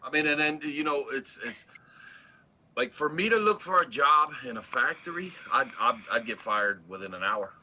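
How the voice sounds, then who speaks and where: A man's voice: medium pitch, normal speed, slight background noise, poor audio. A man who supervises on an oil rig, talking bluntly and with plenty of swearing in a casual livestream chat. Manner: blunt, profane, animated storyteller.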